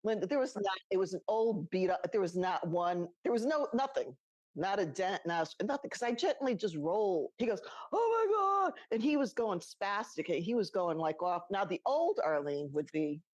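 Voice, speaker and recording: A middle-aged woman with a lowish voice, co-hosting and telling a personal story. She is chatty and laughs as she talks. She acts out the lines of people she quotes. The recording is dry and close. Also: expressive, moderate pace, darkish tone, no echo. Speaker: podcast co-host. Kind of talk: casual storytelling chat.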